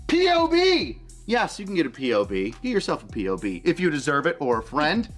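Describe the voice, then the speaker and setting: A man's voice: medium pitch, sing-song, fast, fairly bright tone, faint music behind. A man hosting a reaction video, joking and sarcastic as he comments and plugs his channel. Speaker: host.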